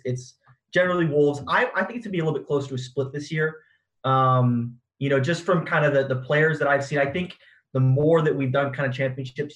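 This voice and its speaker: Hesitant man on a discussion panel. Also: mid-range voice. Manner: hesitant, repeats words.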